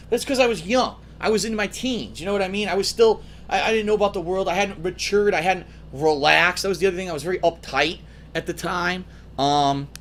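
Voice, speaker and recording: A man's voice: sits high, fairly bright tone, slight background noise. Profane rambling man telling stories. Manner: rambling, profane, acts out friends' voices. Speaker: gaming show host. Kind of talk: casual storytelling to viewers.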